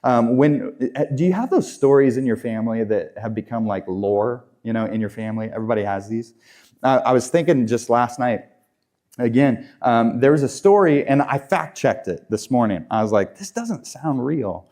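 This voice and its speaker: A man's voice: mid-range voice, moderate pace, darkish tone. A man preaching a sermon in a conversational way, often repeating and restarting his phrases. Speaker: pastor.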